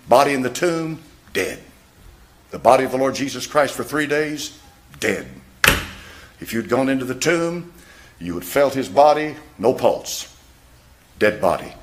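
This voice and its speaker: A man's voice: mid-range voice, sing-song, a little slow, pauses often, slight background noise. A man preaching a sermon in a church, firing rhetorical questions at his congregation. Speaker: pastor.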